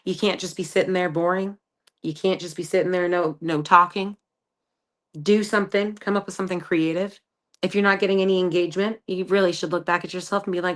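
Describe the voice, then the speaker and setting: A woman's voice: on the low side, a bit bright. A woman in her thirties hosting a podcast, giving candid, chatty advice with lots of fillers. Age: 30s. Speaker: podcast host. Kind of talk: casual solo podcast monologue.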